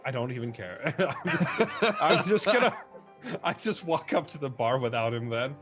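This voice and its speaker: A man playing a tabletop game casually, joking and making quick asides. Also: mid-range voice, very animated, music in the background. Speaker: player.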